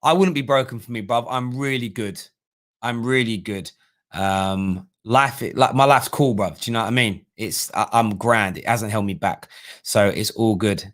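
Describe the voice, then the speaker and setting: A man's voice: fairly low pitch, a bit bright. Guy hosting a live footy stream, slangy, chatty, trips over his words. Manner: chatty, slangy, quick restarts. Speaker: host. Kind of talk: casual live-stream chat.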